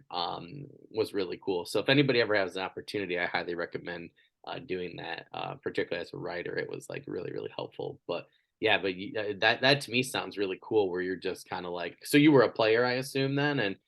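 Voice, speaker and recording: Guy hosting a podcast, low voice, gets really animated and excited telling stories, casual chatty vibe. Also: a little fast, creaky. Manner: animated, energetic storytelling. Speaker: podcast host. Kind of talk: casual interview chat.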